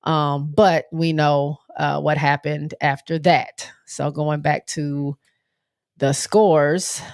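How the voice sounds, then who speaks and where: A woman's voice: low-pitched, little pitch movement, takes it slowly, a little mellow, no echo, clean studio sound. A woman hosting a casual live-stream sports talk show, sounding stuffy and nasal from allergies, rambling with many fillers and restarts. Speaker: show host.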